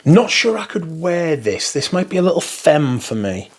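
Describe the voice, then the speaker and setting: A man's voice: fairly high pitch, big pitch swings, moderate pace, slightly rough. A man giving a casual first-impressions review, chatty and rambling, swearing now and then as he rants. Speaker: fragrance reviewer.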